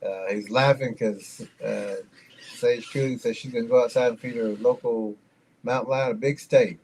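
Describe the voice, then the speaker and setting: A man co-hosting a reaction video, calmly retelling and explaining a story in casual commentary. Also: medium pitch, moderate pace, slight background noise, poor audio.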